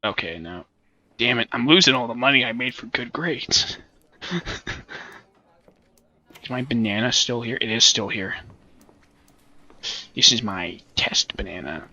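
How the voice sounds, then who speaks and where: A man's voice: medium pitch, animated, unhurried, long pauses, sharp tone, dull audio. A man hosting a let's play, rambling, joking and swearing as casual gameplay commentary.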